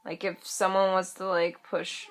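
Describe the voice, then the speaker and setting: A woman's voice: mid-range voice, level tone, a little slow. A teenage woman ranting in a casual vlog, chatty and sassy, full of "like" and playful mocking voices. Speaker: vlogger.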